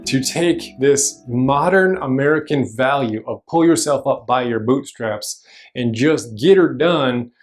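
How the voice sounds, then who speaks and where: A man in the middle of his range, preaching a relaxed, conversational sermon in a church. He walks through the scripture in an explanatory way, with everyday phrasing, fillers and restarts. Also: medium pitch. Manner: casual, explanatory teaching with frequent fillers and restarts. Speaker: pastor.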